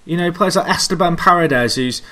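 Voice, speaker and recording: A man's voice: fairly high pitch, pushed and bright. Man hosting a casual football podcast. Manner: measured, hedging analysis. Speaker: podcast host.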